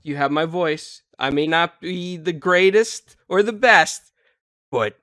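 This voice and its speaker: Male podcast co-host; eager, halting, smooth tone, dry. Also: fairly high pitch, bright, forceful tone, no room sound. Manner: eager, halting, filler-heavy. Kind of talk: casual podcast chat.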